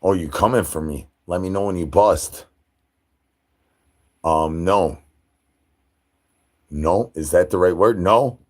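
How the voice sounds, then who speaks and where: A man's voice: deep voice, takes it slowly, long pauses. A man hosting a livestream, rambling in goofy nonsense wordplay and chants. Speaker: livestream host.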